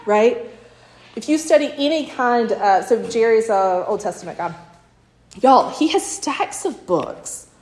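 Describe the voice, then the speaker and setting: A woman's voice: mid-range voice, darkish tone. Woman preaching in an echoey room. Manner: storytelling with acted quotes and frequent "right?". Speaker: speaker teaching a church talk. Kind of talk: sermon.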